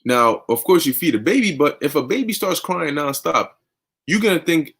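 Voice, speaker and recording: Man, young adult preacher, fervent casual scripture talk, husky, slightly high voice. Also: expressive, moderate pace, fairly bright tone. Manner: fervent, conversational, often says "man" and "okay". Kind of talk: informal scripture teaching.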